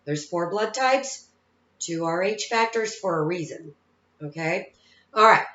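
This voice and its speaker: A psychic medium with a lowish voice offers casual spiritual advice in an unhurried, folksy, chatty way, often checking in with her listeners. The lo-fi recording sounds dull, with an echoey room and background noise.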